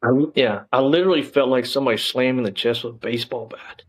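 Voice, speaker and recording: A man's voice: medium pitch, fast talker, low-quality recording. A man, a former police officer telling his story as an interview guest in a rambling way, full of restarts and fillers.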